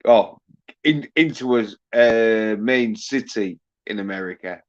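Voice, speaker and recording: A man's voice: on the low side, a little slow, lo-fi sound. A man hosting a livestream, ranting in a rambling, boastful way with constant swearing. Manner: profane, boastful, laughs at own jokes. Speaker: livestream host.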